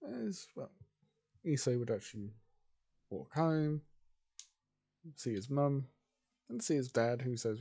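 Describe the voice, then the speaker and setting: A man's voice: mid-range voice, sing-song, normal speed, gravelly, pauses often, mellow, slightly rough. A man narrating an improvised fan story in a rambling, repetitive way.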